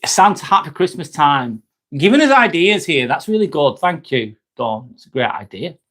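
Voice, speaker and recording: A man's voice: fairly high pitch, sing-song, moderate pace, a bit bright. A man hosting a casual live stream, joking, laughing often and answering chat comments.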